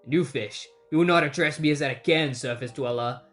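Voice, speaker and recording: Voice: mid-range voice, fairly quick, close to an everyday voice. Recapper doing a cold sea prince villain, grave and stiff, mid voice, faint music behind. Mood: cold, haughty. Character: cold villainous undersea prince, ruthless and haughty.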